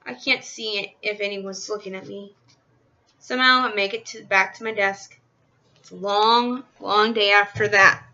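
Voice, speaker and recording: Bright, expressive woman reading a children's book aloud. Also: medium pitch, dull audio. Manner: expressive first-person storytelling. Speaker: reader. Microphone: built-in computer webcam mic.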